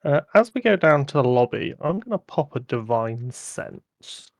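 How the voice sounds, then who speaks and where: A man's voice: medium pitch, very animated, unhurried, no room sound, studio quality. Matter-of-fact man player. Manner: explains rules in a matter-of-fact way. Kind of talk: casual tabletop play.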